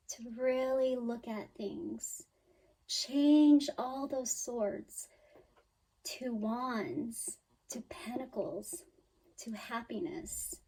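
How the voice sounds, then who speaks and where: Woman tarot reader, slow and mellow, soothing and emphatic delivery. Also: a little high, slightly rough, low-quality recording. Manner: emphatic, soothing, with sighs and mock-quoted worries. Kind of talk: spiritual tarot reading.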